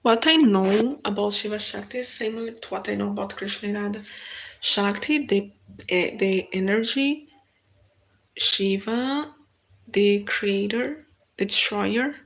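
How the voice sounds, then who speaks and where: Creaky-voiced Brazilian woman chatting live. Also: mid-range voice, a bit bright. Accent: Brazilian Portuguese. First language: Portuguese. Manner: unhurried, halting non-native English with frequent restarts. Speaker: live stream host. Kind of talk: casual live chat, reading viewer comments aloud.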